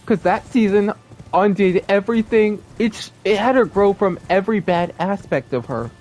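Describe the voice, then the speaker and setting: A man streaming a game live, chatting casually and rambling in an excitable, gushing way. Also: sits high, normal speed, slight background noise.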